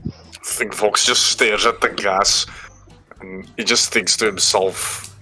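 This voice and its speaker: A man player describing his character's actions in a halting, hesitant way. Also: fairly low pitch, fairly even intonation, bright, forceful tone, faint music behind, poor audio.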